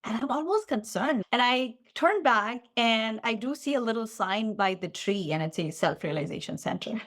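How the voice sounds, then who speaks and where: Animated woman telling a story. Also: a little high, moderate pace. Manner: animated, acts out her own past lines. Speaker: podcast guest, physical therapist. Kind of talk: casual storytelling in interview. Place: lived in the Midwest.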